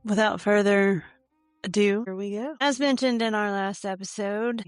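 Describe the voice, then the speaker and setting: A woman's voice: medium pitch, steady tone, normal speed, no echo, soft background music. Wry woman podcasting solo. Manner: wry, irreverent, joking asides. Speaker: podcast host. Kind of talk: casual solo podcast commentary.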